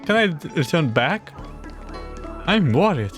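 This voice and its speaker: A man's voice: on the high side, very animated, slow pace, pauses often. A young man streaming a game, reading text aloud and muttering anxious reactions. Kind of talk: game playthrough commentary. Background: game music.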